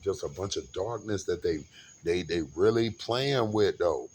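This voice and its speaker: A man's voice: deep voice, animated, measured pace, a little mellow, breathy edge. A man rambling through a profane, casual monologue about a trip, with frequent restarts.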